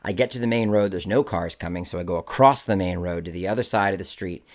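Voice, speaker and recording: A man, an indie filmmaker, telling a story to camera in a casual, animated way. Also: sits low, fast talker. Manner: animated, acts out the people in his story.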